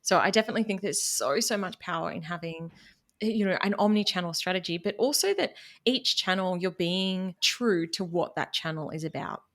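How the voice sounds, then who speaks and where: A woman with a Queensland Australian accent, guesting as a marketing business owner in a casual interview chat, talks candidly and animatedly about her business and laughs at herself. Her voice is on the low side, fairly bright, at a moderate pace.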